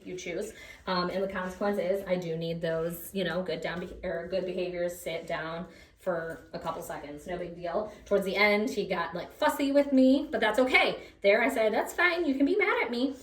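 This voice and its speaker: A woman dog trainer explaining a session while coaching the dog with quick commands and bright praise. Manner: talks to the dog between explanations, high praise bursts. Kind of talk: casual training commentary. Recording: echoey room from far off, faint noise.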